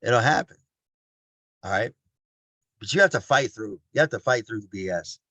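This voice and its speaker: A man's voice: lowish voice, animated, normal speed, bright, forceful tone, no echo. A middle-aged man giving a casual, blunt motivational talk, repeating lines for emphasis and calling his listeners family. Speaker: motivational speaker.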